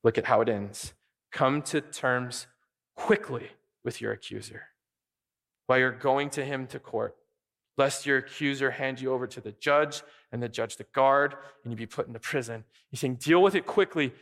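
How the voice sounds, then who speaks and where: Male pastor, sermon delivery, animated, mid-range voice, acts out quotes. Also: medium pitch, moderate pace.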